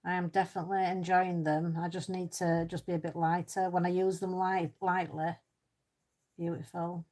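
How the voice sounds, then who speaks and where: A woman with a fairly low, slightly mellow voice and a flat delivery chats at normal speed during a live colouring stream. She reads viewers' comments aloud and answers them with easy, self-deprecating humour, laughing readily.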